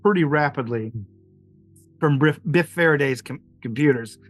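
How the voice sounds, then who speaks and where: A man's voice: a little high, normal speed. A man narrating a tabletop game as game master, rambling with many fillers and laughs. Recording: dry sound with faint music.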